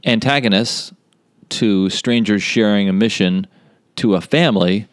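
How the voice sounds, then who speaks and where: A man's voice: lowish voice, unhurried, dry recording, studio quality. A man hosting a podcast, chatting casually and rambling with fillers and restarts. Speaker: podcast host.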